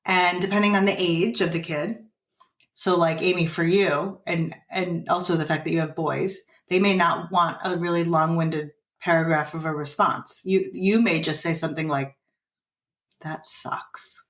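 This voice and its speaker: A woman's voice: lowish voice, steady tone, moderate pace. A woman coaching parents in a podcast conversation, explaining earnestly and acting out what a parent and child might say. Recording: roomy and distant from the mic.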